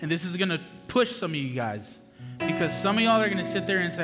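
A pastor preaching a passionate sermon in a church, moving between loud emphatic bursts and quiet asides. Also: male voice, on the high side, fast. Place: church sanctuary. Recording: long hall reverb with music underneath. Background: music playing under the preaching.

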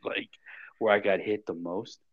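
Man, low husky voice, deadpan podcast storyteller, muffled lo-fi audio. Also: unhurried, no echo. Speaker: podcast co-host. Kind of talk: casual chat, storytelling.

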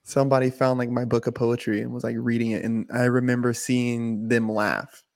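A man's voice: medium pitch, little pitch movement, moderate pace, gravelly, darkish tone, no room sound, clean studio sound. A man co-hosting a casual podcast, telling loose profane stories full of "bro" and "like". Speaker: podcast co-host. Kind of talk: casual chat.

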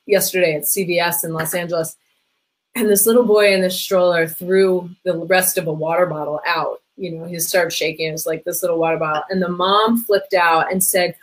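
A woman's voice: lowish voice, steady tone, fairly quick, low-quality recording. Chatty middle-aged woman full of "like". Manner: chatty, many "like" fillers, acts out quoted voices. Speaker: podcast guest, parenting coach. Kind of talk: casual conversation.

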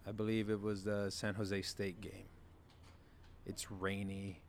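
Lively low-voiced man telling stories. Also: a little slow, slight background noise. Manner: animated storyteller, acts out quotes with big jumps in pitch. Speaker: former college quarterback guest. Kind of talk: casual storytelling chat.

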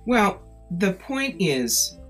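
A woman author and psychic tarot reader in an interview, telling stories in an animated, emphatic and persuasive way. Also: mid-range voice, drawn-out words, soft background music. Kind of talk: interview conversation.

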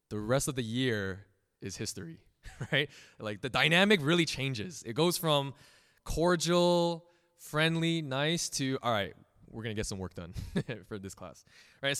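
A man's voice: medium pitch, smooth. A young man giving a casual sermon as pastor, telling personal stories, often laughing and acting out the voices of others. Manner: animated, laughs often, acts out quoted voices. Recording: long hall reverb.

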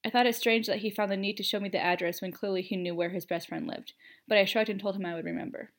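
A woman's ordinary mid-pitched voice carries a first-person narrative, delivered quickly with an expressive, level reading.

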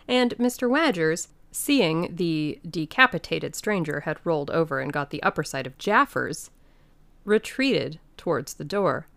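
Female audiobook narrator, measured, low and gravelly. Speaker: audiobook reader. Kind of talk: scripted narration.

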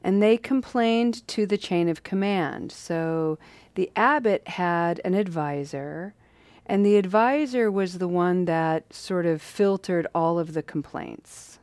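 Woman storyteller, casual and playful, drawn-out phrasing, lowish voice, very slow, dry close sound. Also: darkish tone, clear, resonant tone, no room sound.

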